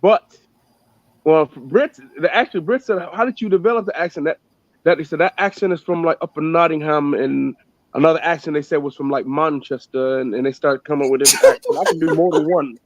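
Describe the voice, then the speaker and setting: Fairly high-voiced man telling stories. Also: big pitch swings, a little fast. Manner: boastful storytelling, profane. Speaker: podcast co-host. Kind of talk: casual chat. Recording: dull lo-fi dry sound.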